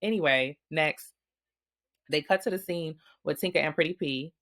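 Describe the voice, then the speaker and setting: A woman's voice: deep voice, moderate pace. A woman hosting a casual reality-show gossip recap, blunt and profane. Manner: blunt, profane, animated storytelling. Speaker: recap host.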